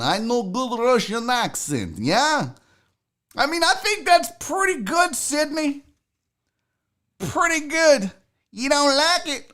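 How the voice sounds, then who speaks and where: A man hosting a casual livestream, joking around, giving chat shout-outs and swearing freely. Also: high-pitched. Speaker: host.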